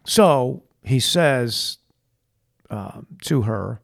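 A man co-hosting a podcast, casually retelling a TV scene and quoting the characters in a lowered, hushed voice. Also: very slow, gravelly. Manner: animated storyteller who quotes characters in a lowered, hushed voice. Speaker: podcast co-host.

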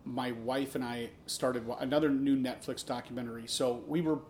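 A man's voice: mid-range voice, fairly even intonation, normal speed, a little mellow, slight background noise. A man co-hosting a casual podcast from his garage, telling stories in a rambling, jokey way. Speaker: podcast co-host. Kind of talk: casual chat. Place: home garage.

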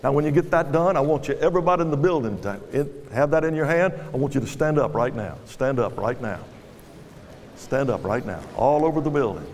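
A man's voice: medium pitch, a little fast, a little mellow, a little hiss or hum. A male guest pastor, preaching a sermon and urging the congregation with repeated commands. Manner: exhorting, repeats commands to a crowd. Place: large church hall. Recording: live church hall with reverb and music. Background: music and congregation.

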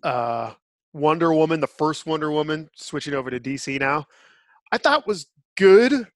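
Guy ranting about a movie, kinda high voice, dry close sound, blunt and opinionated. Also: expressive, moderate pace, no room sound. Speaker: podcast host. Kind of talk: casual review chat.

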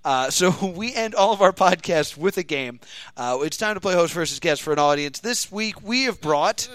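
A man's voice: high voice, expressive, moderate pace, noisy background. A man hosting a podcast, rambling through stories in a self-mocking, casual way. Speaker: podcast host.

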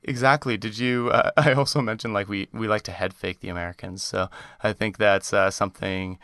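A man's voice: fairly low pitch, fairly even intonation, fairly quick, fairly bright tone, smooth, no room sound. A Canadian man hosting a podcast, chatting casually with lots of fillers. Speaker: podcast host. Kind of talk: casual chat.

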